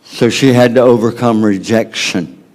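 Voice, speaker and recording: A man with a Southern US accent preaching a sermon as pastor, swinging between loud emphasis and hushed, low tones. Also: moderate pace.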